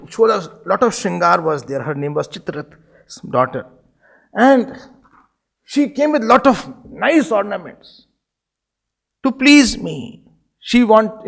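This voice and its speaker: A man's voice: sits high, vocal fry, voice pushed down, exaggerated voice. A man voicing an anxious, reluctant male god who hesitates and pleads in embarrassment. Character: anxious reluctant male god, devout, fearful of his own gaze.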